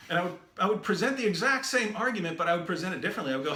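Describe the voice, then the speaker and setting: A man tells a story in a bright, slightly high voice with plenty of animation, moving quickly from one point to the next. He sounds like a debater speaking to his audience, and the recording has the echo of a roomy room. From the West. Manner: lively and animated, acts out quoted voices. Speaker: Christian apologist and debater. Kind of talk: storytelling talk.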